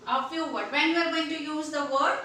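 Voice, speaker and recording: A woman teaching grammar, repeating words and examples slowly and mixing in Hindi. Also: high voice, bright, forceful tone, far from the mic. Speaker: English teacher. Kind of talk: grammar lesson. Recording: echoey room from afar.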